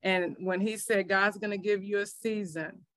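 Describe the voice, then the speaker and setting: A woman's voice: medium pitch, fairly even intonation, moderate pace, a bit bright, dry recording. A middle-aged woman pastor, telling her faith story in an earnest, emotional way. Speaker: pastor and minister. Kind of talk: testimony in a faith interview.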